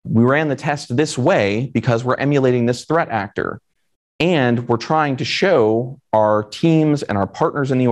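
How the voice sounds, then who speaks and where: A man from Florida giving a conference talk in a conversational way, asking the audience questions. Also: medium pitch. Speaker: conference speaker.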